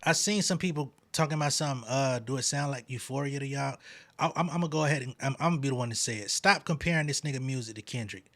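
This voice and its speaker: A man's voice: mid-range voice, quick pace, fairly bright tone. A man giving blunt, profane, dismissive reaction commentary. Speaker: reaction streamer.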